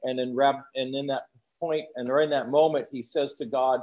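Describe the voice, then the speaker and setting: A man preaching a sermon, chatty in his asides and booming as he quotes scripture. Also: steady tone, normal speed, darkish tone.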